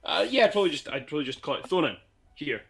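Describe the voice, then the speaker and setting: A man playing a tabletop game, speaking in a measured, dry way with many hedges. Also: fairly high pitch, very animated, vocal fry, fairly bright tone. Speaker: player. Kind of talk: casual in-character game talk.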